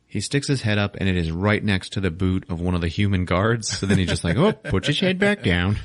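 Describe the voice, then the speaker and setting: Guy on a podcast recapping a movie, lowish voice, swears a lot, dry close mic. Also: fast talker, no echo. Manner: crude, laughing, acts out scenes. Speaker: podcast host.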